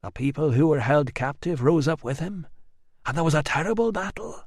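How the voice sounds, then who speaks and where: A man narrating an audiobook in a measured, expressive reading. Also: on the high side, no echo, studio quality. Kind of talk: scripted narration.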